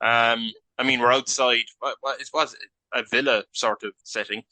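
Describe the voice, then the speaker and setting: Bright, playful male podcast host. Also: mid-range voice, steady tone, moderate pace, dry recording, poor audio. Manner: rambling, playful, puts on characters. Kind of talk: improvised comedy chat.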